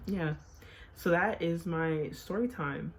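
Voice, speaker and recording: A woman's voice: on the low side, slow, breathy edge. A young woman vlogger casually telling a story, chatty and full of filler words.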